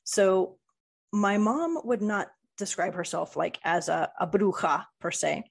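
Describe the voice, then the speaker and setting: A woman guest author in a casual podcast interview, telling family stories in an animated way with lots of "like" fillers. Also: mid-range voice, measured pace, gravelly, slightly rough. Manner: animated storytelling, many "like" fillers.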